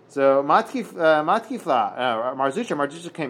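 A man with a slightly high-pitched voice leads a relaxed Talmud study session. He reads out Hebrew and Aramaic lines and then explains them in plain English. His delivery is halting, full of "uh" and repeated words. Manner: halting, many fillers and restarts, reads Hebrew then translates. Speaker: Talmud teacher. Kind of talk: casual daf study lesson.

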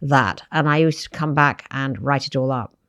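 Woman guest, former editor; animated, anecdotal, dry close recording. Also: rumbling low, moderate pace, no echo. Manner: animated, anecdotal, lots of "you know". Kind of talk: reflective interview storytelling.

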